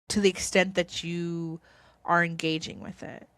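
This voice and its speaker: A woman's voice: fairly low pitch, little pitch movement, unhurried, a bit bright, smooth, dry recording. Earnest woman reassuring her viewers, dry sound. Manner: earnest, reassuring, rambling with restarts. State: tearful. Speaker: spiritual vlogger. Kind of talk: casual spiritual talk to camera.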